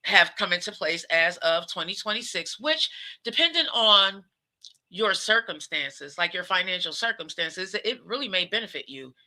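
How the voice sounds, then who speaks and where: A woman's voice: fairly low pitch, expressive, normal speed, pushed and bright. A woman in her fifties from the United States, hosting her own show as a casual livestream and chatting directly to viewers, often calling them "y'all". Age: 50s. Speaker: show host.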